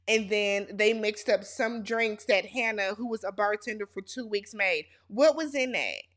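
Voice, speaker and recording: A woman's voice: fairly high pitch, a bit bright. A woman host giving a casual, sassy and blunt recap of a reality TV episode.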